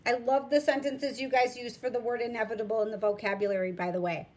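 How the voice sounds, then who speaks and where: A woman teacher reading a story aloud to her students, expressive, stopping to explain words. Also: a little high, fast talker, few pauses.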